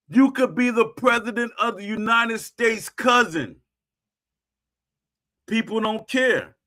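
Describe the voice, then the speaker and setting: Extremely high-pitched and sharp-toned, a middle-aged man hosting a stream takes his time and pauses often as he rants. He repeats himself, presses each point hard, and punctuates his claims with "Facts."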